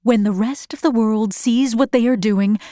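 A woman reading a mother's lines in a storybook, slow and steady. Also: a little high, no room sound, clean studio sound, close to an everyday voice. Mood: reassuring. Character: calm mother in a deportation train.

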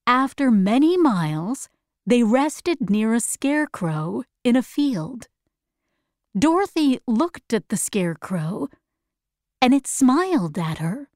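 A woman reading a children's story aloud slowly and clearly, as a read-aloud for learners. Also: on the high side, no room sound, studio quality. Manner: very slow, clear, even reading.

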